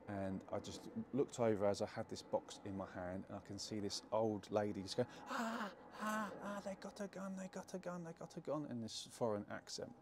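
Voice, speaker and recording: Low gravelly man telling a story. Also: slight background noise. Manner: chatty, animated, many fillers and restarts. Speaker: jiu-jitsu gym owner telling a story. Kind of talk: casual storytelling to camera.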